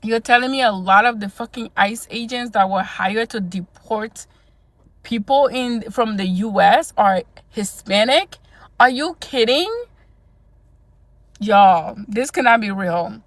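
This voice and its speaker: A woman's voice: on the high side, slow, no echo. A woman from Liberia delivering a heated, profane casual rant full of rhetorical questions. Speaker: social media commentator.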